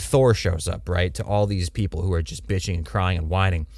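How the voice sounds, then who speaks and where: A young man talks casually and animatedly in a lowish voice, slangy and playful. He sounds dry and close, with little room around him. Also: a little fast, few pauses, a little mellow, dry recording. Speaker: podcast co-host. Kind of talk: casual comic book discussion.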